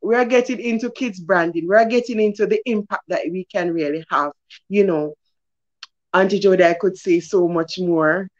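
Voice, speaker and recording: A woman's voice: lowish voice, moderate pace, muffled recording. A woman hosting a kids' news segment, talking earnestly and emphatically to children, her voice swooping up on key words. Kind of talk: preachy morning-show talk to kids.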